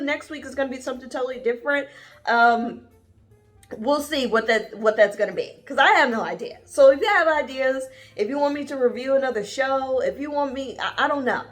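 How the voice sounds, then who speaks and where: A woman's voice: sits high, a little fast, soft background music. A woman vlogger giving a casual, rambling show review, sassy and calling her viewers honey and darling. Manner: rambling, with many fillers and trailing asides.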